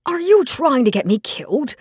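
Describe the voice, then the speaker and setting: A woman voicing a breathy, wry young nobleman. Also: mid-range voice, animated, moderate pace, a little mellow, no room sound, studio quality. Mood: alarmed. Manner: easygoing, wry, teasing.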